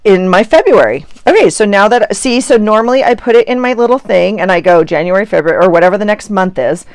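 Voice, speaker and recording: A woman's voice: medium pitch, lively intonation, fast. A middle-aged woman chatting casually in her home office while sorting journal supplies, rambling and giggly. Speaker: journaling vlogger. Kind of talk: casual chat while crafting.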